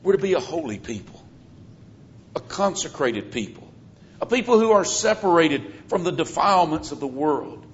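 A man's voice: on the high side, very animated, moderate pace. A man with a Southern US accent, preaching an earnest, emphatic sermon and teaching from scripture. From American South. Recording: dull, lo-fi sermon recording.

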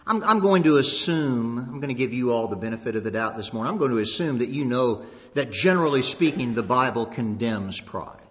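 A man's voice: medium pitch, lively intonation, a little fast. A male pastor delivers a sermon in a church sanctuary, earnest and pressing, doubling back on words as he stresses each point. His voice rings out with a long reverberant tail. The recording is dull and lo-fi. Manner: earnest, repeats words when emphasizing.

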